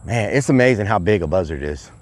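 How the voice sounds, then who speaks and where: A man livestreaming outdoors, chatting excitably to his viewers and calling them y'all. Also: low-pitched, fast talker. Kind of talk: casual outdoor livestream chat. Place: outdoors at a rural property.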